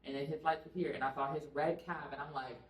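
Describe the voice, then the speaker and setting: A woman vlogger telling a story to her viewers in a casual, animated way, laughing often. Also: low-pitched, fast. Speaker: family vlogger. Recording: roomy sound, mic at a distance.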